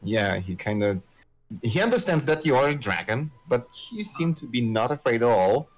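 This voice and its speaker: A man's voice: medium pitch, very animated, normal speed, soft background music, poor audio. A man narrating as game master of a tabletop game, hesitant and full of fillers.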